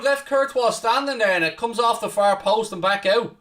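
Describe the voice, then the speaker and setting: Bloke hosting a live match watchalong, slightly high voice, a bit far from the mic, yells at close chances. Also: male voice, normal speed. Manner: casual, chatty, bursts into loud excited shouts at big chances; self-deprecating, swears casually. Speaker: host of a live football watchalong. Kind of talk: live match commentary and chat with viewers.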